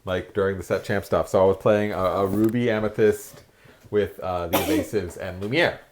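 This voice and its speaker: A man's voice: low-pitched, fairly even intonation, moderate pace. A man hosting a casual podcast, reading trivia questions to his family and talking through his card game plays with frequent laughs. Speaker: podcast host.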